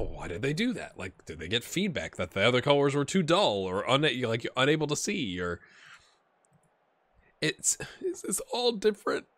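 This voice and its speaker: A man casually commentating a football management game, rambling and questioning himself, with sudden bursts of excitement. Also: medium pitch, no echo. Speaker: gaming YouTuber.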